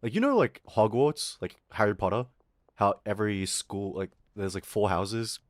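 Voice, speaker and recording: A man's voice: lowish voice, lively intonation, normal speed, dry recording, studio quality. A man streaming live and telling a story in a rambling, profane way, full of fillers. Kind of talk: casual storytelling on a livestream.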